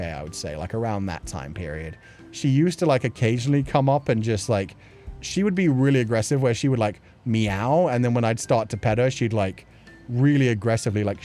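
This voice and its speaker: A man's voice: fairly low pitch, a little mellow. A man hosting a casual livestream chat show, rambling with lots of filler words and laughing often as he reads viewer messages.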